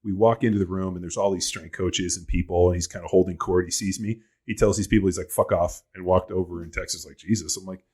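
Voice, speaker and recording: A man's voice: sits low, fairly even intonation, fast, few pauses, a little mellow, slightly rough. A middle-aged man hosting a casual podcast chat, telling stories in a blunt, profane way. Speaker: podcast host.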